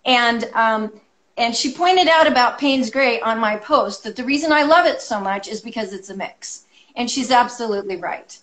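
A woman with a fairly high voice talks over a video call, full of enthusiasm and filler words. She is a guest artist from California in a relaxed chat. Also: moderate pace. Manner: enthusiastic, chatty, many ums. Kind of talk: casual chat.

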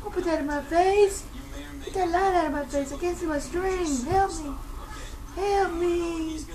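A woman voicing a feisty, cranky house cat in a squeaky, cussing voice for a home video. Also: steady tone, a little slow, low-quality recording. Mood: whiny, grumpy.

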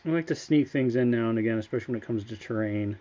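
A man's voice: mid-range voice, quick pace, warm tone, lo-fi sound. A man on a game studio's livestream, telling a story in an enthusiastic, chatty way. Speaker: game studio staff member. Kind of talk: casual livestream chat.

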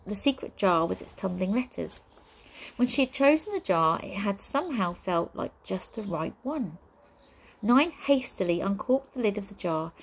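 A woman reading a children's storybook aloud in a steady, measured way. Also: medium pitch, gravelly, slight background noise, poor audio. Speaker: audiobook reader. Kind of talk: storybook narration.

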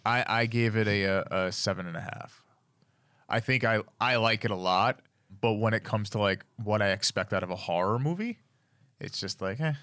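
A man's voice: lowish voice, normal speed, a bit bright, clear, resonant tone, dry recording, studio quality. A man co-hosting a casual podcast, talking in a laid-back, hesitant way. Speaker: podcast co-host.

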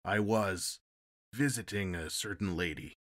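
A man's voice: low-pitched, a little slow, fairly bright tone. A man doing an angry, defensive ship's captain. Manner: gruff, defensive.

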